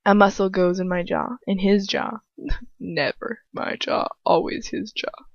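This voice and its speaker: A woman's voice: medium pitch, steady tone, a little slow, creaky, no echo. A woman reading a story aloud in the first person, dramatic and breathless at the tense moments. She breaks off now and then to comment in a casual aside. Her voice sounds dry and a little muffled, like a simple home recording. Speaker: fanfiction reader.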